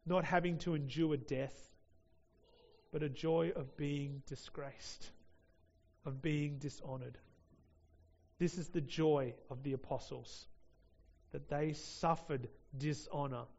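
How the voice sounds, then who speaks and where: Emphatic preacher, lo-fi recording. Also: male voice. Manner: emphatic, rising to loud peaks then dropping low. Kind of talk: sermon.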